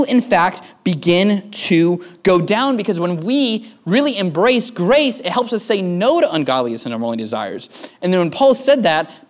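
Casual young pastor, slightly high voice. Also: male voice. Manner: casual, peppered with "right?" and "man". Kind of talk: conversational sermon.

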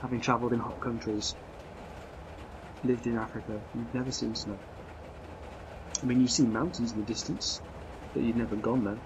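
A man's voice: medium pitch, steady tone, normal speed, long pauses. Man narrating a tabletop game. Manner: descriptive, with frequent ums and restarts. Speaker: game master. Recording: dull lo-fi sound, faint noise.

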